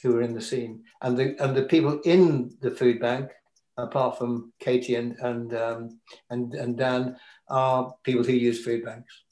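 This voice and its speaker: Halting man discussing his film. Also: medium pitch, fairly even intonation, a little mellow. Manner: halting, many restarts and ums. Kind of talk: talk with an audience. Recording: echoey room.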